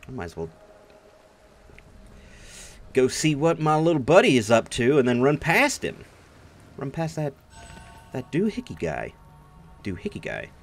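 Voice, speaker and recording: A let's play gamer delivers casual, playful gameplay commentary, making silly noises and cracking jokes at his own expense. His mid-range voice swings hugely in pitch, moving at a measured pace with long pauses. Faint music plays behind him.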